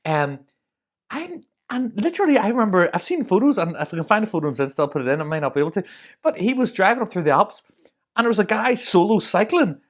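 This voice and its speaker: A woman's voice: mid-range voice, big pitch swings, fast. A woman co-hosting a podcast, telling stories in a chatty way with many asides. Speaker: podcast co-host. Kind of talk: casual chat.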